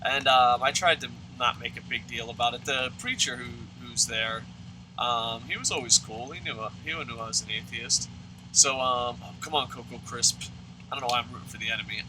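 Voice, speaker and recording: A man's voice: mid-range voice, a little fast. Profane, rambling man over a noisy background. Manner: profane, sarcastic, rambling with many fillers. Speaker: let's play host. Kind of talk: casual storytelling over gameplay.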